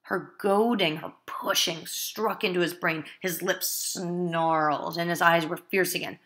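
A woman's voice: fairly low pitch, fairly even intonation, unhurried, a bit bright. A woman reading a novel aloud as a teacher, stopping to explain words and talk to her listeners.

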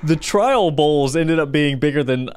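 A man co-hosting a podcast, recorded dry with no room echo. He tells stories in lively casual chat and laughs easily. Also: on the high side, unhurried, clear, resonant tone. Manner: animated storytelling, laughs easily. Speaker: podcast co-host.

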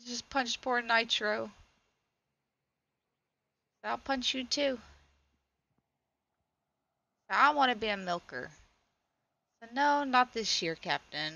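Bright-voiced woman chatting over farm videos. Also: medium pitch, rough recording. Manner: chatty, affectionate toward the animals. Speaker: goat breeder commenting on her own farm videos. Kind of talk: casual video commentary.

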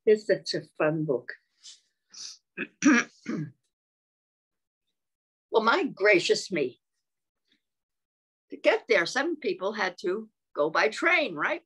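Slow, gentle woman telling children's stories. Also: mid-range voice, big pitch swings. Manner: gentle, asks the listening child questions; often clears her throat. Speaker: children's storyteller. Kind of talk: reading aloud and singing to young children.

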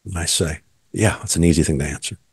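A man's voice: sits low, fast talker, vocal fry, a little mellow, husky, no echo, studio quality. A middle-aged man, a guest, earnestly telling his personal faith story and quoting what others said.

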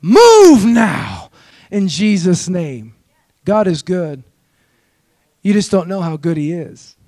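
High-voiced preaching man, dry sound. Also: no echo. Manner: exhorting, call-and-response with the congregation; storytelling with rising, shouted peaks. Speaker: pastor. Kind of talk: sermon.

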